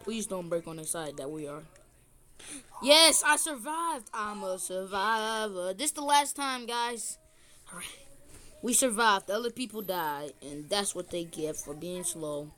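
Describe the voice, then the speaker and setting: A woman's voice: medium pitch, animated, unhurried, pushed and bright. An older woman giving playful, teasing commentary while playing a game with her family, recorded on a phone. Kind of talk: casual gameplay commentary. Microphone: phone screen recording.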